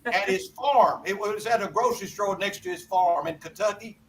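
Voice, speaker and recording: A man's voice: high voice, normal speed, fairly bright tone, far from the mic, a little hiss or hum, rough recording. An older man, a guest songwriter telling rambling folksy anecdotes on a video call. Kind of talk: casual storytelling interview.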